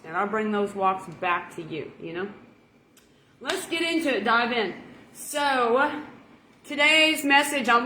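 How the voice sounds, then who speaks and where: Woman, folksy rambling online preacher, slightly high voice, roomy echoey sound. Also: bright, forceful tone, slight background noise. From Oklahoma. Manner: chatty, rambling, laughs at her own jokes. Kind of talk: casual folksy sermon.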